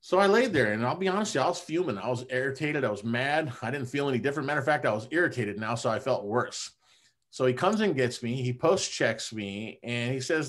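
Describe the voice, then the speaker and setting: Male chiropractor guest, mid-pitched, chatty storyteller, animated and informal. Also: brisk. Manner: animated, conversational, drops "man" and "you know" often. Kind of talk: casual personal storytelling.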